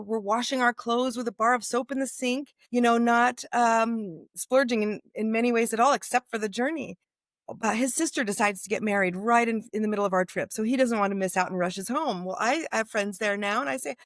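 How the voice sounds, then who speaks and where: Animated American woman telling travel stories. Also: fairly high pitch, dry recording, studio quality. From United States. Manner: animated storyteller, acts out quoted dialogue. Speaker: guest author. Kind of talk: casual interview storytelling.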